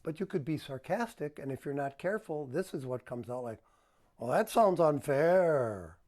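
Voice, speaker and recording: A man's voice: a little high, lively intonation, a little fast, a little mellow. A man working as a relationship counselor, giving advice to the camera in a coaching manner and acting out example tones of voice.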